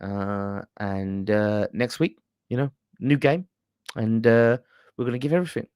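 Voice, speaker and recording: A man's voice: lowish voice, steady tone, a little slow, a little mellow, clear, resonant tone, no echo, clean studio sound. A man imitating a football manager giving a bland, cliché-filled post-match interview with hesitant fillers. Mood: mocking.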